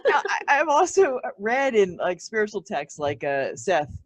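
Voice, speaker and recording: A woman hosting a casual interview show, excitable and gushing, laughing often. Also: medium pitch, measured pace, no echo. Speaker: talk show host.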